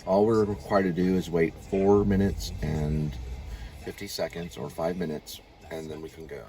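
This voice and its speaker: Steady and low-voiced, a man talks at a normal pace while driving with his wife. He rambles and jokes as he goes, and the recording from inside the moving car is noisy.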